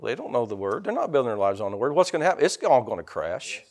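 A man's voice: mid-range voice, sing-song, fast, creaky, a little mellow. An older man, a pastor preaching a folksy, joking sermon and calling out to his congregation.

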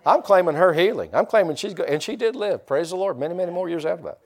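A man's voice: sits high, fast, a little mellow. A man preaching a conversational sermon and talking directly to his congregation. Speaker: pastor.

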